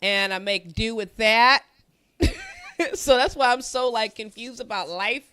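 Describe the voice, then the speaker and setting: A middle-aged woman co-hosting a podcast in casual chat. She talks in an animated, slangy, profane way and laughs often. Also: a little high, a little slow, clean tone, no room sound. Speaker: podcast co-host.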